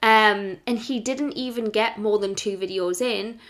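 A woman's voice: mid-range voice, a little slow, fairly bright tone. A woman, hosting a casual solo podcast in a chatty, rambling way full of "like"s. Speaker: podcast host, brand strategist.

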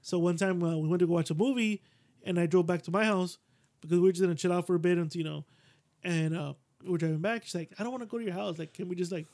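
A man's voice: quick pace, a little mellow. A man hosting a podcast, rambling through crude stories in casual chat and acting out quoted lines. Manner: rambling storyteller, acts out quotes in a higher voice. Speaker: podcast host.

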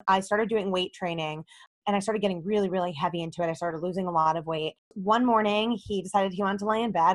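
A young adult woman, a relationship coach, candidly telling a personal story in a podcast interview and acting out the dialogue in it. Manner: animated, acts out quoted dialogue with rising pitch.

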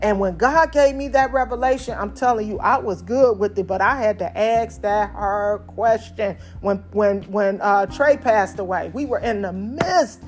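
A woman's voice: medium pitch, unhurried, few pauses, faint music behind. A woman preaching a sermon in a conversational, folksy way, addressing the congregation directly.

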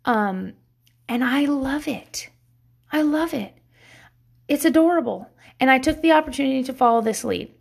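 A woman's voice: sits high, expressive, moderate pace, gravelly, long pauses, slightly rough. A woman in her thirties, a mother of young kids, talking candidly and bluntly, swearing freely and laughing often. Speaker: mother sharing parenting reflections. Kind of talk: casual candid monologue.

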